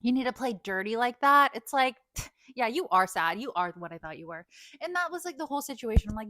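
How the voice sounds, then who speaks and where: A woman's voice: on the high side, lively intonation, fairly quick, pushed and bright, no echo. A young woman ranting to camera in a storytime vlog, heated and profane, mocking the people she talks about. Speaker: vlogger. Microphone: desk microphone.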